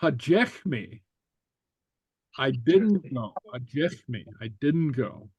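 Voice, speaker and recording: A man teaching a language class, explaining slowly and stopping often with fillers and repeated okays. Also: mid-range voice, very animated, darkish tone, husky, no room sound, muffled recording. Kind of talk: relaxed online class explanation.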